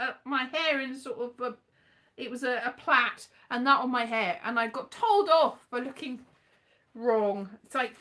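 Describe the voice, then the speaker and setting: A woman's voice: sits high, bright, forceful tone. A woman chatting casually in a rambling, giggly vlog. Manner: rambling, chatty, laughs often. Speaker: vlogger. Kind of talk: casual chat.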